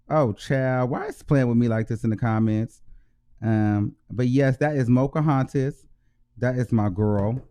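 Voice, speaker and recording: A man hosting his own channel, giving heartfelt shout-outs in slangy casual talk and repeating himself for emphasis. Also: lowish voice, moderate pace. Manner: heartfelt, emotional. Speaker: YouTube show host. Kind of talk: casual vlog shout-out to viewers.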